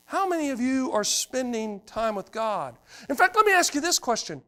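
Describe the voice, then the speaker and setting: A man preaching a sermon as pastor, swinging from loud emphatic lines to hushed quiet ones. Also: extremely high pitch, sing-song, moderate pace.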